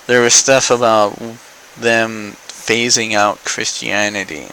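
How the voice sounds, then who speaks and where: Young guy venting on his vlog, bright tone, sarcastic and sweary, bit of faint noise. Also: on the low side, steady tone, slow pace, rough recording. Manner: exasperated, profane, sarcastic. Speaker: vlogger. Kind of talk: ranting opinion vlog.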